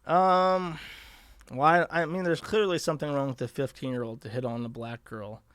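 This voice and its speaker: Sarcastic, crude-mouthed man with a smooth voice. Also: fairly high pitch, fairly even intonation, moderate pace, a bit bright, no echo, studio quality. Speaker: podcast host. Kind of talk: casual commentary.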